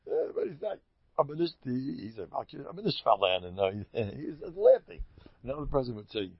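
A man in an informal storytelling talk, animated and rambling, chuckling as he goes and restarting his sentences. His voice sits in the middle range. The recording is somewhat dull and lo-fi, with a dry, close sound. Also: medium pitch, brisk, vocal fry, slightly rough, dry recording. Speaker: Hasidic storyteller giving a talk.

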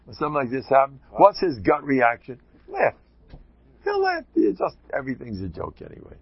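A man, a rabbi, giving an informal talk to a group, an animated, joking storyteller who sprinkles in Yiddish and Hebrew terms. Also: mid-range voice, a little fast, creaky, husky, dull audio.

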